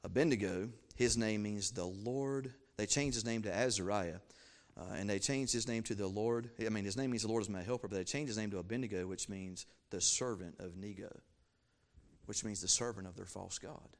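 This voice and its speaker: A man preaching a sermon, fervent and repetitive, swinging from low asides to loud emphatic peaks. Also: normal speed. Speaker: pastor.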